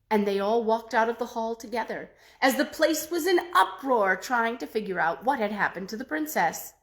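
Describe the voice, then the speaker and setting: Woman storyteller, expressive, slow dramatic pauses, somewhat high voice. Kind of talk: reading a folk tale aloud.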